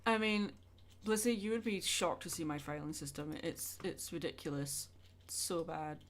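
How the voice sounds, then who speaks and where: Chatty woman streamer with a lowish voice. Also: normal speed. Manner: chatty, rambling, answering chat. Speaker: art streamer. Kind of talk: casual livestream chat while drawing.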